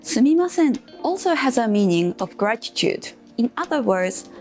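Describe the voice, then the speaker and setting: A woman teaching beginner phrases in English, speaking clearly and carefully and leading slow repeat-after-me drills. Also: on the high side, a little mellow. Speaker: Japanese language teacher. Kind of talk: scripted language lesson for beginners.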